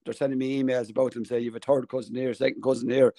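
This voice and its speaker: Gravelly-voiced Irish man telling a story. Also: quick pace, dry recording. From Ireland. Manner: animated storytelling, squeals up high when amazed. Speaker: podcast co-host. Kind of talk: casual chat.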